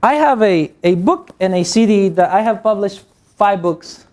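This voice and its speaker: A man with a noticeably high voice and a Guatemalan Spanish accent speaks to a youth audience. He is a motivational speaker from Guatemala whose first language is Spanish. He tells jokey stories and slips into little impressions of other people. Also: animated, moderate pace, darkish tone. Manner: joking storyteller, acts out voices.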